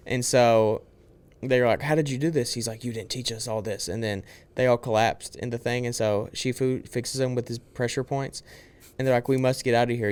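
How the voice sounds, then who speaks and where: A young man co-hosting a casual movie podcast, rambling through a film's plot with fillers and quick quoted lines. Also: medium pitch, a little mellow, clear, resonant tone. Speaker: podcast co-host.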